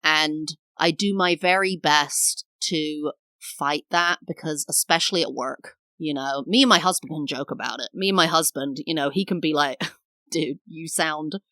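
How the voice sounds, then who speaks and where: Bright-toned woman podcaster, dry close sound. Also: deep voice, normal speed, no room sound. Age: 30s. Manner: earnest, reflective, demonstrates tones of voice. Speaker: podcast host. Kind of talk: casual solo podcast talk.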